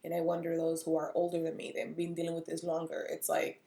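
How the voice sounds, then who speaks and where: A woman's voice: deep voice, monotone, fast talker, warm tone, reverberant. A woman in her thirties, telling stories to camera in a candid vlog style and acting out both sides of the conversations. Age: 30s. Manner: candid storytelling, acting out dialogue. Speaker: beauty vlogger. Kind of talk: casual vlog monologue.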